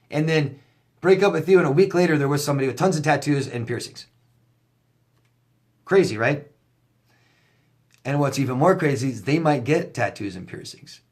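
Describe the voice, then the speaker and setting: A man speaking as a coach in a casual to-camera monologue, with a voice of ordinary middle pitch. He swears freely and keeps the tone conversational. His emphasis climbs high and loud whenever a point excites him. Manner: animated, profane, rising to near-shouting emphasis.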